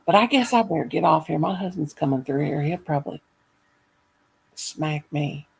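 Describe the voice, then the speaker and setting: A middle-aged woman telling a funny story in a casual chat, animated and laughing as she goes. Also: deep voice, normal speed, vocal fry, breathy edge, poor audio. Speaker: caller.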